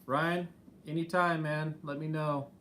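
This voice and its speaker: A man's voice: on the high side, little pitch movement, unhurried, fairly bright tone, slight background noise. A man co-hosting a casual live stream, talking in an easygoing, rambling way with many fillers. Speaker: channel co-host.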